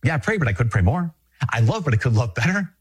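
A man's voice: mid-range voice, very animated, fast talker, slightly rough. A man from Minnesota, a Catholic priest, giving an earnest, conversational spiritual talk and repeating phrases for emphasis.

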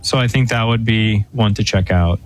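A priest on a radio call-in show, explaining church rules in a measured way with frequent pauses and fillers. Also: male voice, on the low side, low-quality recording. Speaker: priest answering questions.

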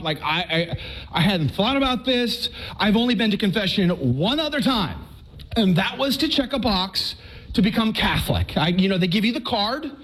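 A middle-aged man from Texas, giving an animated personal testimony to a live audience, joking at times and earnest at others. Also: high voice. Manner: lively, joking, then earnest and preachy.

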